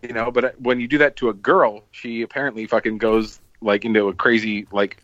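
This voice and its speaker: A man casually telling a long, rambling story on a podcast. He swears a lot and acts out what people said with sudden jumps in pitch. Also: level tone, brisk, a bit bright, dry recording, highs cut off. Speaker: podcast host.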